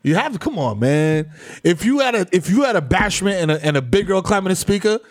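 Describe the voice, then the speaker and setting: A man's voice: high-pitched, sing-song, brisk. A man co-hosting a casual comedy podcast, telling stories in loose slang. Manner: laughing, loose slangy storytelling. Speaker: podcast co-host.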